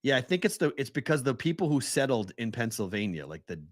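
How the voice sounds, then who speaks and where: A man's voice: mid-range voice, big pitch swings, quick pace, no room sound, studio quality. A man with a Boston-area accent, co-hosting a sports talk show in casual chat, often laughing as he spells out town names. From Merrimack Valley, Massachusetts.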